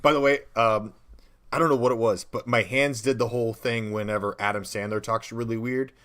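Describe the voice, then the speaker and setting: A man co-hosting a podcast, chatting in an animated, rambling way and laughing often while brainstorming game ideas. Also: fairly low pitch. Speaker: podcast co-host. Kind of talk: casual brainstorming chat.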